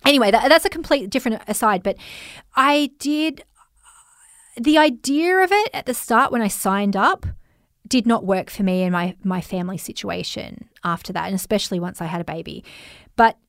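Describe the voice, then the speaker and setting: A woman with an Australian accent hosting a podcast, telling stories in a chatty, animated way and acting out the voices of people she quotes. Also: medium pitch, normal speed, dry recording, clean studio sound. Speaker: podcast host. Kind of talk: casual storytelling monologue.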